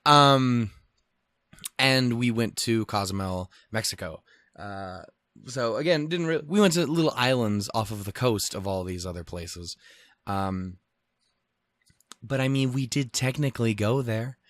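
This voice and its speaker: A young man from Montana hosting a casual solo podcast, rambling and swearing, acting out other people in animated quotes. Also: mid-range voice, measured pace, no echo. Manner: profane, rambling, animated quoting. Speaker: podcast host.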